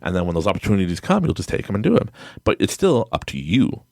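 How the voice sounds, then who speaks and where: A podcast host, a man with a very low voice and a gravelly, creaky edge. His pitch swings widely as he rambles through stories, laughing often. The sound is close and dry. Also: quick pace, no room sound. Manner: rambling, animated storyteller who laughs often. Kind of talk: casual interview chat.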